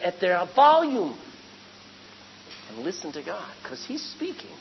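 A male preacher with a medium-pitched, animated voice preaches in a loose, conversational way, moving from punchy emphasis to quiet, near-whispered points. His voice reaches the listener through a muffled recording with a long hall echo and a faint hum underneath. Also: measured pace, gravelly, pauses often. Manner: lively, conversational, shifting from loud emphasis to hushed tones. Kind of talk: sermon.

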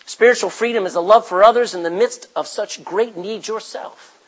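Male pastor, husky and slightly high, emphatic sermon delivery that drops from loud to near-hushed. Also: moderate pace, low-quality recording.

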